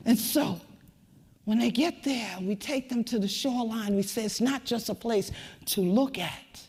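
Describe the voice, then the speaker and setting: Chanting Gullah Geechee woman, raspy voice. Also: fairly high pitch, measured pace, long reverb tail. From Sea Islands of the American Southeast. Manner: rhythmic, chanting, dramatic shifts between whispers and shouts. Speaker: community leader and keynote speaker. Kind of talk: spoken-word keynote performance.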